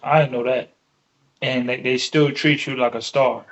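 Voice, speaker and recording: A laid-back man in his thirties hosts a podcast and mostly answers with short affirmations. His voice sits at an average pitch, and the sound is muffled and lo-fi. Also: steady tone, normal speed. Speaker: podcast host. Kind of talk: casual interview chat. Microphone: video call. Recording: lo-fi internet call audio.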